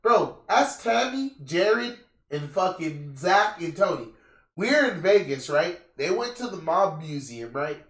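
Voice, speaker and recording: A man's voice: high-pitched, takes it slowly. A young man hosting a casual chat, telling stories with lots of profanity and acting out the people in them. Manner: animated, profane, acts out quoted people. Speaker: podcast host. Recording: roomy echo, distant mic.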